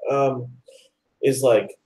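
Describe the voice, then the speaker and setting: A man hosting a live online talk show, chatting excitedly and rambling, with lots of "like" and "dude". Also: medium pitch, drawn-out words, rough recording. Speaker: host. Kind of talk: casual chat.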